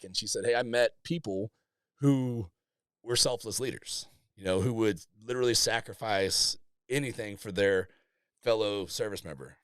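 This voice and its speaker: A man's voice: fairly low pitch, fairly bright tone, dry recording, studio quality. A man in his forties, a Navy master chief, telling blunt, profane stories in a casual podcast chat and laughing often. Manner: candid storytelling, swears freely, laughs often.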